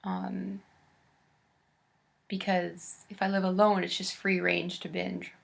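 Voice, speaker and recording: Creaky-voiced woman in her late twenties. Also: fairly low pitch, little pitch movement. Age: late 20s. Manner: halting and candid, with pauses and restarts. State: on the verge of tears. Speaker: vlogger. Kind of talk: confessional webcam vlog.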